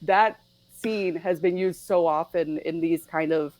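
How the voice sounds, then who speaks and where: A young woman chats as a podcast guest in a fairly low voice, animated and quick to laugh. She keeps dropping into short put-on voices to act out lines. The sound is dry and close, with no room around it. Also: no room sound, rough recording. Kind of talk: casual chat about a film.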